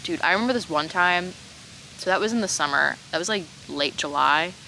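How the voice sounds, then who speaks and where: Bright-voiced dramatic young woman. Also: lowish voice, brisk, vocal fry, a little hiss or hum, poor audio. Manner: dramatic, heavy on "like" fillers and swearing. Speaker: vlogger telling a personal story. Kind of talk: casual storytime monologue.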